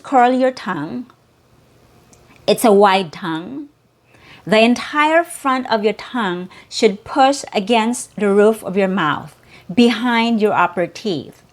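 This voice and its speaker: This English pronunciation lesson comes from a woman whose first language is Cebuano, her voice on the high side. She goes slowly and clearly, repeating sounds and words so the learner can follow.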